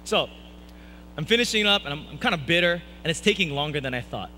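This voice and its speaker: A young man preaches from a church stage, recorded for a live stream, and tells a personal story with lively, animated delivery. His voice is bright and forceful and sits a little high for a man. A faint hum runs under the recording. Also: fast, poor audio. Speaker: pastor.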